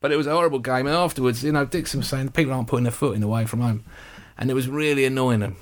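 A man hosting a casual football chat, telling animated stories and jumping higher when he quotes others. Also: rapid-fire. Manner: animated storyteller, jumps up in pitch for quotes. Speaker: football podcast host.

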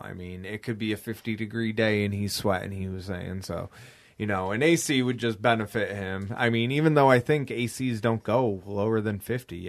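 A man's voice: on the low side, dry recording. A young man co-hosting a podcast in casual chat, rambling with fillers and swearing as he laughs. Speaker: podcast co-host.

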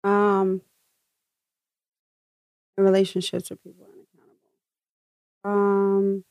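A woman's voice: medium pitch, completely flat delivery, a little slow, darkish tone, no echo, poor audio. A woman co-hosting a casual podcast, giving brief, agreeable answers with some hesitant fillers. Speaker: podcast co-host.

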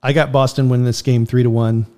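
A man co-hosting a casual sports podcast, leading the group through game predictions in an easygoing, measured way. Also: medium pitch, flat delivery, mellow. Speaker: podcast co-host running the predictions.

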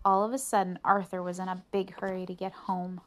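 A woman reading a picture book aloud to a child, expressive and adding chatty asides. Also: on the low side, brisk. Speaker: reader to a child.

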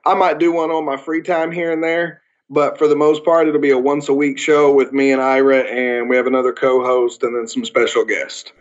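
A man's voice: mid-range voice, level tone, moderate pace, few pauses, highs cut off. A man from Oklahoma with a Southern accent, a guest chatting casually on a podcast in a blunt, swearing, laughing manner. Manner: blunt, swears freely, laughs between points. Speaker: podcast guest, music reviewer.

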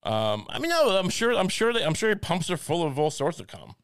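A man's voice: a little high, huge pitch swings, fairly quick, fairly bright tone, clean tone. Rambling, jokey man on a podcast. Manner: rambling, jokey, stammers and laughs at his own jokes. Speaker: podcast co-host. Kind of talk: casual comedic chat.

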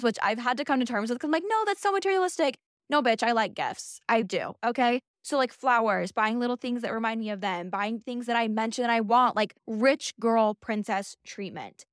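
A woman's voice: a little high, moderate pace, hardly any pauses, no room sound, studio quality. A young adult woman hosting a casual monologue podcast, chatty and emphatic with a sassy edge. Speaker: podcast host.

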